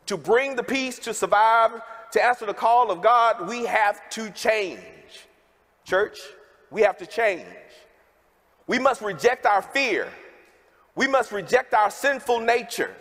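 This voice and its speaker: A man with a notably high voice preaches to a gathered congregation, folksy and direct, calling out to the people in the pews. His words ring out with a long reverb from the big worship hall. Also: expressive, measured pace, a bit bright. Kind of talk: sermon.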